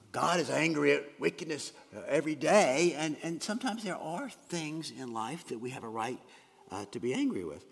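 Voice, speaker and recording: A man preaching a sermon with a fairly high, gravelly voice and a husky edge. He talks earnestly, swinging from soft to loud and often restarting phrases. The sound carries a long reverb from a church hall. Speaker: pastor.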